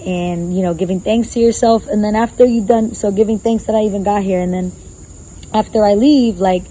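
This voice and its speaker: A woman's voice: medium pitch, fairly even intonation, fairly quick, dark tone, a little hiss or hum, low-quality recording. A woman guest talking passionately in a casual outdoor conversation, acting out her own inner voices and swearing freely. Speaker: podcast guest. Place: outdoors in a gazebo.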